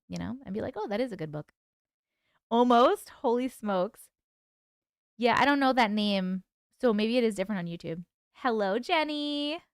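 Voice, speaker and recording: A woman's voice: medium pitch, dry recording, studio quality. A woman hosting a casual livestream, chatting with viewers, reading their comments aloud and laughing often. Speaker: livestream host and author.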